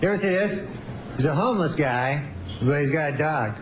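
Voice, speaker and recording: A man doing deadpan, rambling stand-up comedy in an archive clip. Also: fairly high pitch, a little fast. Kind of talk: stand-up and talk show clips. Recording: archive clip with loud crowd and hiss.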